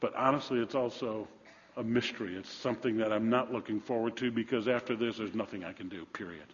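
A man in his fifties preaching a sermon, shifting from hushed confession to emphatic scripture reading. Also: lowish voice, fast, in a large hall, muffled recording, a little hiss or hum. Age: 50s. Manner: earnest, swings from hushed to emphatic. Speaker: pastor.

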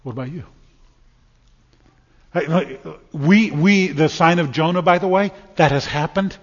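A man's voice: on the high side, expressive, unhurried, long pauses, husky. A man preaching a sermon as a pastor, folksy and storytelling, often repeating words as he builds his points. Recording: dull sound with long reverb in a hall.

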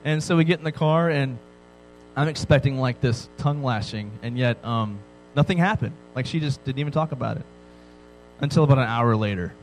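A pastor in his thirties preaches to a youth audience in a mid-range voice, a little fast, joking, telling stories and tossing in frequent "right?" asides. Faint music plays behind him on a rough recording.

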